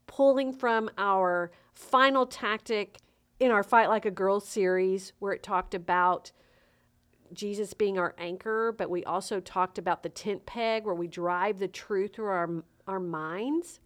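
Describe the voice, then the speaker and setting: A woman co-hosting a faith podcast who reads scripture aloud with earnest, building emphasis. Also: mid-range voice. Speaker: podcast co-host and coach.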